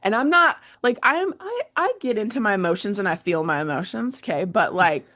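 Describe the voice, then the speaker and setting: A woman host and coach in casual panel chat, telling a story with animated asides and laughs. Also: mid-range voice, a little fast.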